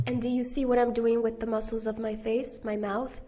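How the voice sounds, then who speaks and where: A woman's voice: fairly high pitch, flat delivery, fairly quick, few pauses, warm tone. An American woman teaching pronunciation, who models vowel sounds and repeats example words one at a time. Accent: General American. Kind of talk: slow, careful pronunciation lesson.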